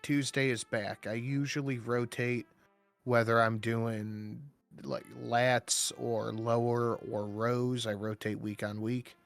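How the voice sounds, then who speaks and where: A male podcast co-host with a mid-range voice talks in a steady, matter-of-fact way. He lays things out plainly and deliberately. A faint music bed sits underneath. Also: mid-range voice, vocal fry. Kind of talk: casual chat.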